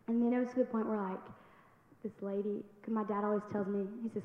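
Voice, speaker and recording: A young woman giving a personal testimony in church, telling her story earnestly and building to loud exhortation. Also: medium pitch, flat delivery, fast. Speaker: youth speaker giving testimony. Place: large church sanctuary. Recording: echoey hall, dull sound, faint noise.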